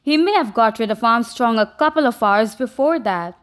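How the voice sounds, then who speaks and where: A woman narrating an audiobook in a measured, deliberate way. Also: a little high, lively intonation, fairly bright tone.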